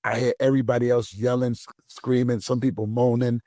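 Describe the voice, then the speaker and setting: A man's voice: mid-range voice, a little fast, no room sound, studio quality. A man, a pastor, telling a personal story in a casual conversation, acting out the voices of the people in it. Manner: animated storytelling, acts out voices.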